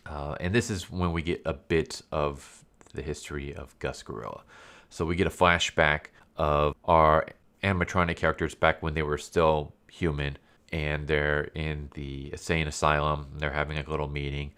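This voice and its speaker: A man's voice: extremely low pitch, level tone, moderate pace, a bit bright, smooth. A man giving a casual, rambling comic book review with lots of fillers. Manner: loose, rambling, filler-heavy recap.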